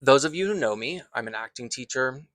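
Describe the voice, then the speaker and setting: Earnest man with a bright, forceful voice. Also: medium pitch, animated, no room sound. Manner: earnest and thoughtful, pauses and restarts phrases. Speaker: acting teacher. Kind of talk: reflective personal storytelling.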